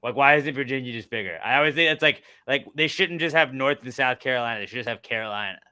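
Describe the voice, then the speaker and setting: Blunt sweary American man, bright voice. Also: medium pitch, fast talker, smooth. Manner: blunt, swearing, ranting opinions. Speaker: podcast co-host. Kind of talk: casual chat.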